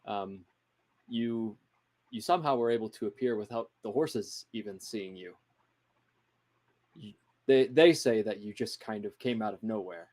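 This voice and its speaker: A man's voice: fairly low pitch, unhurried, pauses often, a little mellow, natural voice. A man voicing a curious, polite young adventurer who asks hesitant, probing questions in a tabletop game.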